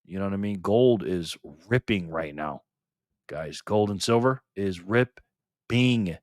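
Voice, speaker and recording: A man's voice: deep voice, lively intonation, slow, no room sound, studio quality. An older man hosting a live stream in a casual, chatty way, thanking viewers by name and swearing now and then.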